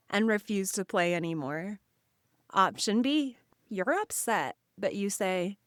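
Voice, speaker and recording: A woman hosting and narrating an imaginative guided story and quiz for children, speaking in an expressive second-person voice. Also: mid-range voice, slow, dry recording, studio quality. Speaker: children's show host and narrator.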